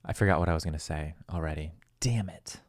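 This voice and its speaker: Low-voiced rambling profane man. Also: fast talker, dry recording, studio quality. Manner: rambling, profane, self-deprecating, with laughs. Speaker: podcast host. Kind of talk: casual solo podcast monologue.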